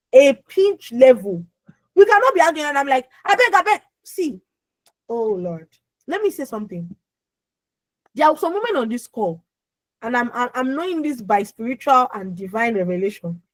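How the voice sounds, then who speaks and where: A young adult woman, an emotional healing coach, gives a lively motivational talk on an online video call. Her naturally loud, fairly high voice is emphatic, and she repeats words and keeps asking her listeners questions. The recording is rough, with no echo.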